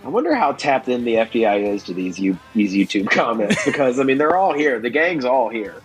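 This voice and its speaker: A man's voice: medium pitch, big pitch swings, brisk, soft background music. A man, co-hosting a comedy podcast and riffing on comments with jokes and mock quotes. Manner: jokey riffs, mock-quotes comments in put-on voices. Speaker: podcast co-host. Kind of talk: casual comedic chat.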